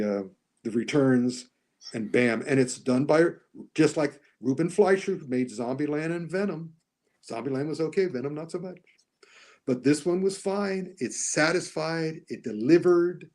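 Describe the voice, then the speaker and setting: A man talking casually as a podcast guest about films, animated, often acting out lines he quotes. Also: on the high side, unhurried. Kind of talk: casual podcast movie discussion.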